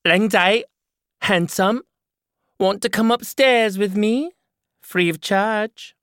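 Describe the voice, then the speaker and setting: A man's voice: slow pace, fairly bright tone, clean tone, no room sound, studio quality. A man reading an audiobook, voicing a brash, faded older woman who mocks and scolds. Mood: mocking. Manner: shrill, mocking, theatrical. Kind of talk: audiobook character voice.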